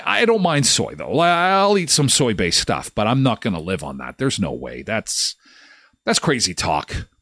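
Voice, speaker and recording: A man's voice: medium pitch, fairly bright tone, no echo, studio quality. Jokey rambling male talk-show host. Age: 50s. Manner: rambling, jokey storyteller with quick asides. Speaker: host of a daily live show. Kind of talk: casual solo talk show.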